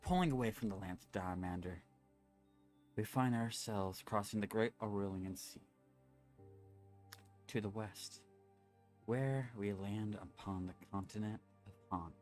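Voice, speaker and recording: Slow, halting man as dungeon master. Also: fairly low pitch, a little mellow, soft background music. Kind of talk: casual chat and game narration.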